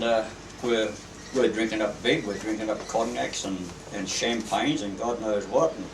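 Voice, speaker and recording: A man's voice: lowish voice, noisy background. Rambling old Australian seaman, distant mic. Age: older. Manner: rambling, halting, many fillers and restarts. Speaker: retired merchant seaman. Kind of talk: reminiscing storytelling. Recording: roomy, distant mic, faint ambience.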